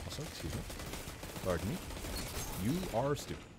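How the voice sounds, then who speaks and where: Rambling young man streaming a game. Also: moderate pace. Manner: rambling, chatty, many fillers and restarts; jumps to excited high yelps at game events. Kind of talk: live gameplay commentary. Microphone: headset-style desk mic, headphones off. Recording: noisy game stream audio.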